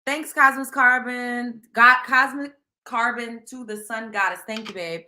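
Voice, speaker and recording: A woman with a Southern US drawl runs a casual live stream, her voice pitched a little high and ringing bright. She is blunt and emphatic, keeps turning to her viewers to ask what they think, and leans hard on slang. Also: steady tone, a little slow. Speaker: host.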